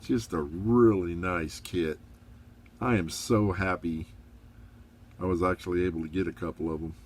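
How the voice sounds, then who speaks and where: A middle-aged man giving a relaxed, chatty review of a model kit, rambling a little and encouraging viewers. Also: deep voice, moderate pace, slight background noise. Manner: upbeat, encouraging. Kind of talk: casual hobby review.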